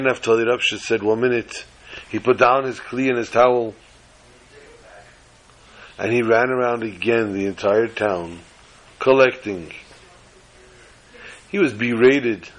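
A man telling a religious story to listeners in a measured, dramatic way. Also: mid-range voice, low-quality recording.

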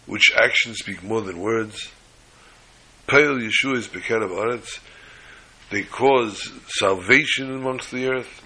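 A man's voice: on the low side, slow pace, sharp tone, slightly rough, poor audio. A man giving a sermon, emphatic, piling up repeated phrases and restarts.

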